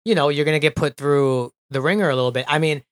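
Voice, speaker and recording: A man's voice: a little high, fast, no echo, clean studio sound. A man appearing as an actor guest on a podcast, chatting casually and giving reflective advice.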